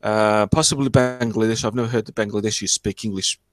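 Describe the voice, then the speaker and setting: A man chatting casually on a stream, pausing often to search for words. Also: lowish voice, steady tone, no room sound. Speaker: stream participant. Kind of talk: casual chat.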